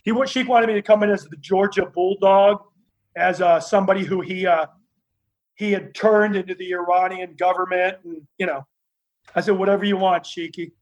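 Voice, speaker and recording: A man telling lively stories as a guest, acting out the other people in his tales. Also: high voice, moderate pace, highs cut off. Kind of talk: animated anecdotal storytelling.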